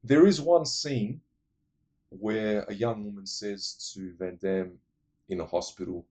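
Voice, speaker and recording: Mellow-voiced man retelling movies. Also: on the low side, slow pace. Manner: animated storytelling with vocal sound effects. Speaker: movie reviewer.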